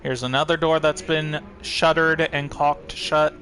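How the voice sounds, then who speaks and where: A man hosting a let's play, casually thinking aloud and reading in-game documents in a relaxed, chatty way. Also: a little high, measured pace. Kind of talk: casual gameplay commentary.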